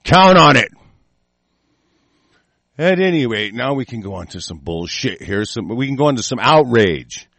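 An American man hosting an online show, delivering a profane, angry political rant that swings from muttering to shouting while sick. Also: mid-range voice, big pitch swings, moderate pace, creaky, pauses often, no room sound. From United States.

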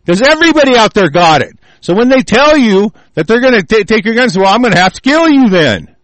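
This U.S. man's political rant is full of shouted threats and profanity, his fury obvious. His high voice swings widely in pitch at a brisk pace, with no room sound.

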